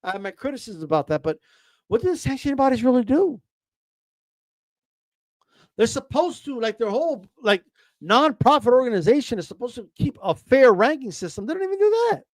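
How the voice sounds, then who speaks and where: A man's voice: very high-pitched, very animated, brisk, no echo. A man from Texas ranting profanely about boxing on a casual livestream, stumbling over restarts and fillers and mocking others in quoted voices. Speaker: boxing commentator.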